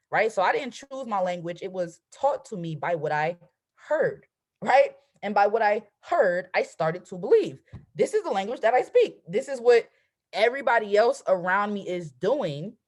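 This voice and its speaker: This trading coach, a woman in her twenties, hosts a motivational live stream via video call. She talks with emphasis in a mid-range voice and keeps asking "right?" at each turn.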